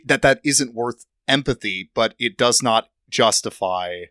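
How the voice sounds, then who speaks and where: A man hosting a podcast in casual political chat, speaking in a measured way with plenty of fillers and short agreements. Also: mid-range voice, pushed and bright, no room sound, studio quality. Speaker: podcast host.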